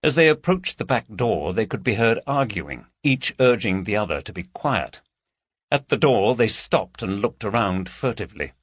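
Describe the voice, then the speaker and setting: A man narrating a crime audiobook in a measured storytelling voice. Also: on the low side, very animated, husky, dry recording, studio quality. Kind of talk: scripted narration.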